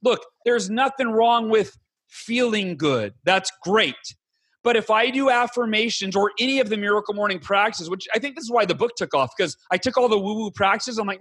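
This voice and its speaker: A man talking as a podcast guest, enthusiastic and animated, slipping into mock voices as he explains. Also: high voice, normal speed, breathy edge, no room sound. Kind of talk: energetic interview talk.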